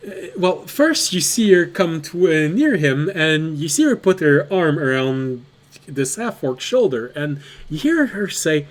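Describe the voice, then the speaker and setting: A man narrating as game master in a tabletop game, unhurried and amused. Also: a little high, big pitch swings.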